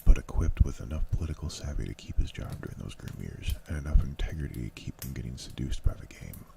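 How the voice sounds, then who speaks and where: A man reading a novel aloud in a low, unhurried ASMR audiobook style, sometimes dropping to a breathy near-whisper. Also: far from the mic, heavy background noise. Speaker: ASMR channel reader. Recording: steady keyboard clicks behind.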